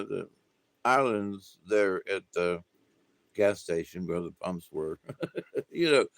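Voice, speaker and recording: A man's voice: mid-range voice, no room sound. A man hosting a livestream, telling a rambling story in a meandering way, chuckling and restarting his sentences. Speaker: livestream host. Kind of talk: rambling casual chat.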